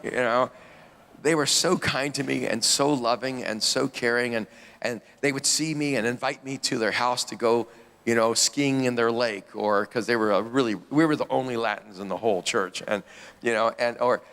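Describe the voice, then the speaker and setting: A pastor as interview guest tells a story in a loose, rambling way, restarting sentences and chuckling at himself. His voice has a gravelly edge. The sound carries the long reverb of a hall. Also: medium pitch, fairly even intonation, normal speed, a bit bright.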